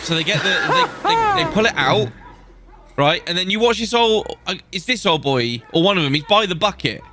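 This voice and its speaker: A young podcast co-host with a high voice chats casually and briskly, telling animated stories laced with plenty of swearing while a crowd can be heard in the background.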